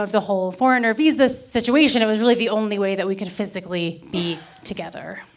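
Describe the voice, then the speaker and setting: Woman in her thirties from Miami, live storytelling; wry, candid, deadpan delivery. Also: mid-range voice. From Miami, Florida. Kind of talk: personal story told to a live audience.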